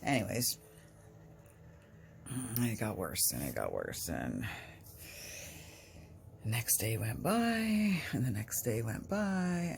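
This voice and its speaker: Lady rambling on her vlog, pitch swoops up and down a lot, talks slow. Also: creaky, a little mellow, slight background noise. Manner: rambling, chatty, breaks off to talk to pets. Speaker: vlogger. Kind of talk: casual storytelling.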